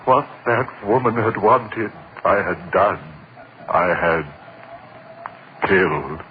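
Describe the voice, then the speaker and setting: A man's voice: sits low, animated, slow pace, a little hiss or hum. An actor playing a haunted lecturer who narrates his slide into madness, intense and frantic, in 1940s radio drama style. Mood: brooding. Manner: intense, breaking into frantic cries. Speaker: narrator and lead. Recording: muffled old radio recording.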